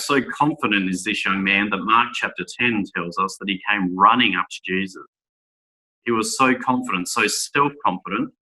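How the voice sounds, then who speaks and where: A man giving a Bible talk to young men, reading scripture aloud and asking rhetorical tag questions in a measured way. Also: lowish voice, sharp tone, poor audio. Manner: measured, with small restarts. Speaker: speaker at a Bible school.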